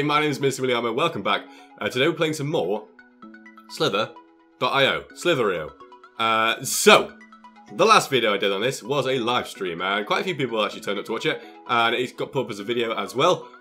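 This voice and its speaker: Young man, animated voice, bright tone, joking gameplay commentary, quick exclamations. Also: medium pitch, faint music behind. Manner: excitable, jokey, exclaiming often. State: out of breath. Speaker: gaming YouTuber.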